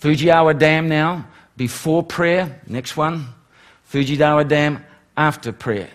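A middle-aged man preaching a sermon, animated, swinging from loud exclamations to hushed, pleading lines. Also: fairly high pitch, measured pace. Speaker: pastor.

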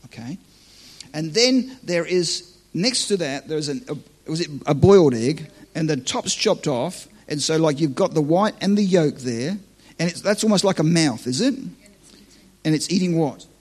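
Man, joking conversational preacher, husky tone, a little high-pitched. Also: animated, a little slow, a little mellow. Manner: joking, conversational, self-deprecating. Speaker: preacher teaching on dream interpretation. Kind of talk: live church teaching to an audience.

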